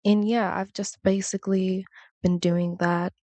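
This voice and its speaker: Talking to the camera, this young woman rambles chattily, laughs a lot, and does voices when quoting people. She has a medium-pitched, darkish voice with flat delivery and a slightly slow pace, with no room sound; she's a vlogger.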